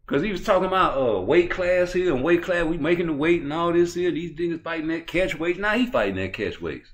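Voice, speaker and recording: Profane animated man ranting about boxing. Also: on the high side, fairly quick. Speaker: boxing commentary vlogger. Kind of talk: casual ranting commentary.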